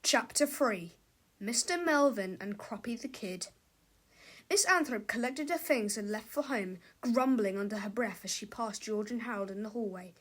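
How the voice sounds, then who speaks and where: A woman's voice: a little high, moderate pace. A woman narrating a children's book aloud, playfully addressing the listener. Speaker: storybook reader.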